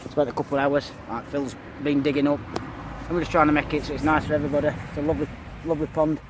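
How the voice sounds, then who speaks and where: A man's voice: a little high, flat delivery, fast talker, background noise. Breathless man vlogging by a pond. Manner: rambling, chatty, lots of uh and so. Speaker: fishing vlogger. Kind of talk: casual vlog talk to camera. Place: outdoors by a pond.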